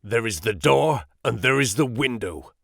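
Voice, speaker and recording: A man voicing a sturdy, fiercely protective old farmer who speaks gruffly and angrily. He speaks slowly and with expression. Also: mid-range voice, animated, a bit bright, no room sound, clean studio sound, full character voice. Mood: threatening. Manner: gruff and angry.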